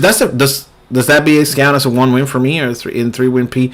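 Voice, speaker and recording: A man's voice: mid-range voice, steady tone, fairly quick. A young man hosting a gaming livestream, chatting casually with viewers, laughing often and trailing off and restarting his sentences. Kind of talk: casual live gameplay commentary.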